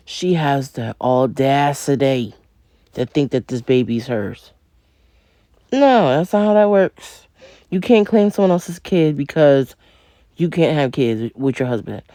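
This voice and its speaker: A woman's voice: low voice, dark tone, no room sound, clean studio sound. A woman hosting a reaction video, talking straight to her viewers in an indignant, emphatic way. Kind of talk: casual reaction commentary.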